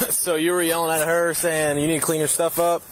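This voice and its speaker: A male police officer calmly questioning witnesses and describing the scene, recorded on his bodycam. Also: on the high side, brisk. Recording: bodycam mic with street noise.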